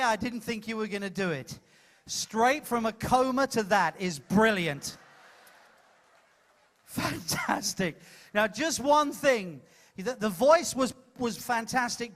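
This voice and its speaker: A man's voice: very high-pitched, unhurried, fairly bright tone. A man hosting a live comedy show, coaching a volunteer from the audience with playful, teasing patter on a cruise ship stage.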